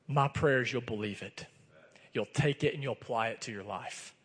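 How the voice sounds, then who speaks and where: A man's voice: medium pitch, moderate pace, a bit bright, slightly rough. A man preaching a sermon as pastor, earnest and conversational, telling personal stories. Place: church sanctuary. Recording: long reverb of a church hall.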